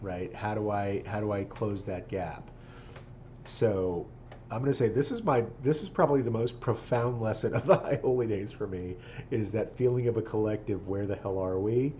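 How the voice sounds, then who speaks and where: A man's voice: on the low side, normal speed, mellow, a little hiss or hum. A man rabbi chatting casually on a live stream while playing a game, earnest and moved, laughing often.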